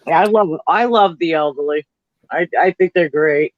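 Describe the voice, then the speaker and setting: A man in a casual livestream chat, talking in a chatty way and reacting quickly. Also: fairly high pitch, no room sound. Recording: dull lo-fi stream audio.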